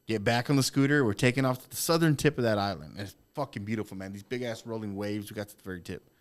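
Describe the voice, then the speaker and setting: A man on a podcast telling a story in casual, profane, animated talk with frequent laughs. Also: fairly low pitch, fast. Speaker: podcast guest.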